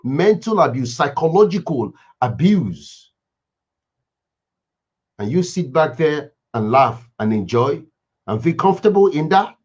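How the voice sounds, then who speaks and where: Male speaker, slightly high voice, emphatic preaching cadence on a dull lo-fi recording. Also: sing-song, a little slow, pauses often, darkish tone, slightly rough. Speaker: speaker giving a moral reflection. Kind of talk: impassioned moral talk.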